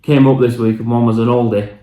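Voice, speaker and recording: A man with a northern English accent, trading dry and sweary banter in casual pub chat. His voice sits at an ordinary middle pitch. The pub around him is roomy and echoing. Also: fairly even intonation, brisk, mellow. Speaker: podcast co-host.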